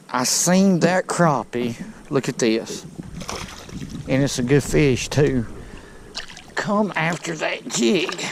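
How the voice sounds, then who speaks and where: Guy fishing off a boat, kinda high voice, gets all worked up talking to the camera, faint outdoor noise. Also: creaky. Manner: excitable, talks straight to viewers. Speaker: fishing vlogger. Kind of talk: casual narration while fishing.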